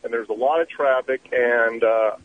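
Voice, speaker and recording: A man calling in to a radio show, a private investigator telling a story in a halting way with many fillers. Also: mid-range voice, steady tone. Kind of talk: phone-in storytelling. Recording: tinny phone line with faint noise.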